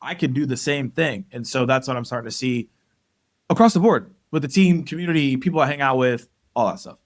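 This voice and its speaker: Guesting on a podcast, a man with a mid-range voice talks fairly quickly in relaxed conversation. He's an animated storyteller who performs the quotes of the people in his tales.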